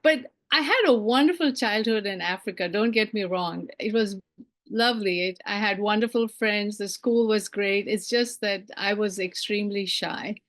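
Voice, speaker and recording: A middle-aged woman from India giving a personal storytelling speech, animated and acting out the voices of the people she quotes. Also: medium pitch, moderate pace. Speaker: keynote speaker.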